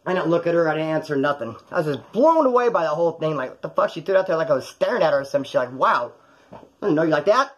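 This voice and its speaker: Fast-talking husky-voiced man storyteller. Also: a little high, lively intonation, low-quality recording. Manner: profane, rambling, acts out quoted voices. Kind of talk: casual storytelling.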